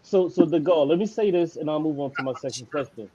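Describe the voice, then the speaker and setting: A man's voice: a little high, animated, fast, muffled recording, background noise. A man calling in to an online debate show, insistently repeating his questions. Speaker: caller.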